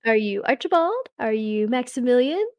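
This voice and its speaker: A woman plays in a tabletop game, talking in a casual, chatty manner. Her voice sits a bit high, and the sound is close and dry. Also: big pitch swings, no room sound, muffled recording. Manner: casual, chatty, quick to laugh. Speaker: player.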